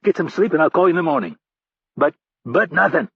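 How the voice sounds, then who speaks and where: A man voicing a gruff, angry middle-aged male CIA operative who barks profane orders. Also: fairly high pitch, animated, brisk, no echo, highs cut off, voice pushed up, exaggerated voice. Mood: furious.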